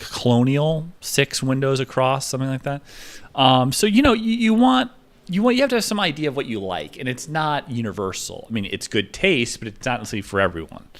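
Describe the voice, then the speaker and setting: A young man with a fairly low voice, rambling through a loose, digressive monologue. He hops from one half-finished thought to the next, telling offbeat stories in an unscripted way. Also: a bit bright. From United States. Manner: rambling, digressive, jumps between topics.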